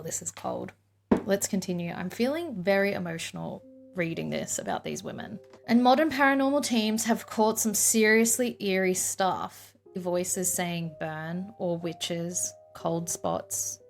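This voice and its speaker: A young woman telling a history vlog in an emotional storytelling style, sighing and trailing off into soft asides. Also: lowish voice, gravelly. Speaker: paranormal history vlogger.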